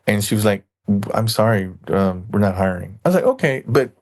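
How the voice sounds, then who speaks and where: A man's voice: fairly low pitch, flat delivery, brisk, darkish tone. A man chatting casually on a podcast, telling rambling stories and acting out the people in them. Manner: rambling storyteller, acts out quoted people. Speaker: podcast guest.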